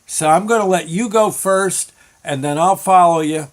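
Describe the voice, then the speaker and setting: A man voicing his father from a childhood memory, steady and encouraging. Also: high voice, moderate pace, voice pushed up, natural voice. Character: reassuring father, a grown man.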